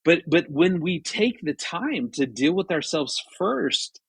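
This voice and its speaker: A man's voice: on the high side, takes it slowly, vocal fry, husky, dry recording. A man in his fifties, a marriage author and guest, talks through a story in a casual radio conversation, earnest, with many restarts. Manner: earnest, many restarts, animated when retelling.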